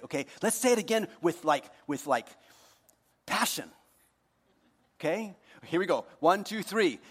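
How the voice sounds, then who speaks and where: A man preaching a sermon to his congregation, joking with them and moving between hushed earnest moments and loud, playful ones. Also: high voice, expressive, normal speed, long pauses, breathy edge, long reverb tail. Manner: jokey, talks directly to the congregation. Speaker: pastor. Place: church hall.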